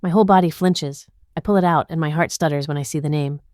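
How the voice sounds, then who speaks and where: A woman narrates a dramatic story in the first person, keeping her delivery tense and inward. Her voice sits on the lower side. The recording is dry, with no room sound at all. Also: fast, darkish tone, no room sound.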